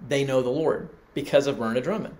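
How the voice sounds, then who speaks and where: A man's voice: mid-range voice, fairly quick, a little mellow. A middle-aged man preaching, telling a personal story and acting out the people he quotes. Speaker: pastor. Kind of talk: sermon.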